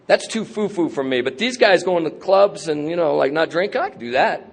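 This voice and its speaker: Fast-talking man sharing his recovery story. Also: a little high, expressive, vocal fry. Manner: candid, streetwise storytelling with slang and self-mocking humor. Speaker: AA convention speaker. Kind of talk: personal recovery talk. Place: convention speaker session.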